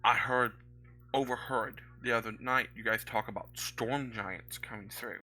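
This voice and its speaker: A man voicing Maxine, a worried middle-aged woman at an inn who speaks in a soft, earnest way. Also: mid-range voice, fairly even intonation, unhurried, rough recording.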